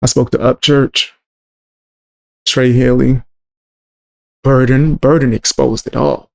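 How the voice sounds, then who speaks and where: A man's voice: mid-range voice, level tone, takes it slowly, gravelly. A man hosting a podcast in casual chat, blunt, plugging his channel and interviews. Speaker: podcast host.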